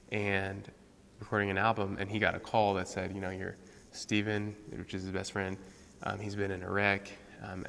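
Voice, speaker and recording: A man giving an informal devotional talk, halting often with fillers as he tells a story. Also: on the low side, creaky, fairly bright tone, long reverb tail. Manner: casual, halting with many fillers.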